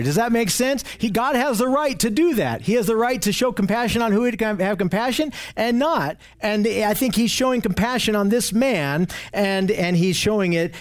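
High-voiced man teaching a Bible study. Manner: earnest and explanatory, often asks the group questions.

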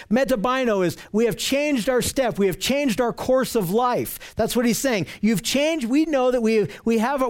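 A man's voice: high-pitched, darkish tone. A man preaching an expository Bible sermon, earnest and explaining verses, often asking "right?" to his listeners. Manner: earnest, asks rhetorical questions, repeats "right?". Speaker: pastor.

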